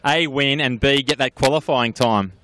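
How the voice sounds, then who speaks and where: A man's voice: medium pitch, fairly bright tone. A man hosting a live athletics broadcast, upbeat, interviewing a guest. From Australia. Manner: upbeat, fast presenter patter. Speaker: sports broadcast host.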